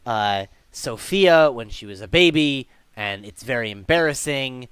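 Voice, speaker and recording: Man, game master, tabletop narration, bright tone, casual, filler-heavy. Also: medium pitch, animated, unhurried, clear, resonant tone, no echo.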